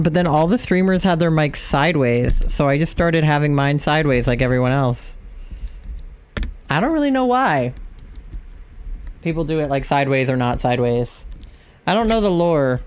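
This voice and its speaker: A woman's voice: low voice, darkish tone, a little hiss or hum. A young adult woman chatting casually on a live stream, rambling and filling her talk with "like". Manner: rambling, full of "like" fillers. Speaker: livestreamer.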